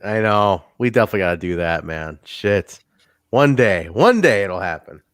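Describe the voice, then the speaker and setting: A man's voice: on the low side, moderate pace, dry recording, studio quality. A man co-hosting a casual wrestling review podcast, laughing often and acting out what the wrestlers said. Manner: animated, laughs often, acts out quotes. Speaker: podcast co-host. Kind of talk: casual chat.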